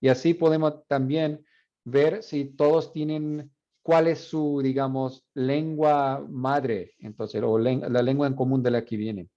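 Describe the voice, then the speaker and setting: A male Spanish professor giving an animated university lecture, repeating example words aloud to demonstrate. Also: medium pitch, normal speed. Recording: dull lo-fi classroom recording.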